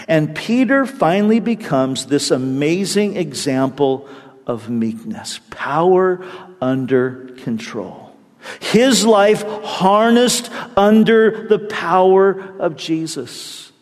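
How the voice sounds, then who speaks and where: A man's voice: high voice, unhurried, big-room sound. A man preaching a sermon, telling a story with energy and acting out the quotes in different voices. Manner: animated storytelling, acts out quotes in shifting voices. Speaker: pastor.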